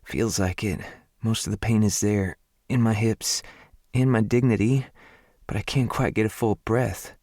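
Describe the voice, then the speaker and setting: A man's voice: fairly low pitch, fairly even intonation, measured pace, a little mellow, dry recording, clean studio sound, pitched above the performer's own voice. A man voicing a stubborn southern young woman. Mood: embarrassed, deflecting. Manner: polite, self-deprecating, brushing off help.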